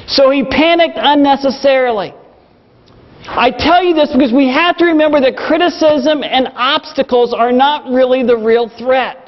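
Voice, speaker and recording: A man with a strikingly high voice preaches from the pulpit in an earnest way, hammering his points home by repeating them. The recording is dull and lo-fi, and a long hall reverb trails after each phrase. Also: moderate pace. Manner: earnest, storytelling with emphatic repetition. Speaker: pastor. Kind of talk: sermon.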